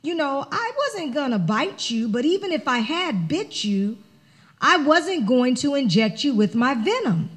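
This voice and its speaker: A woman voicing a calm male snake made of light in a sermon story, speaking patiently and reassuringly. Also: high-pitched, measured pace.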